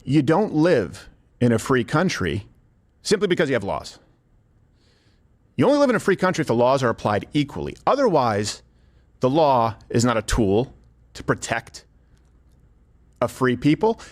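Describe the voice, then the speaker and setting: A man's voice: mid-range voice, sing-song, moderate pace, long pauses. A man hosting political commentary, addressing viewers directly in an emphatic, argumentative way. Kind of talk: scripted commentary narration.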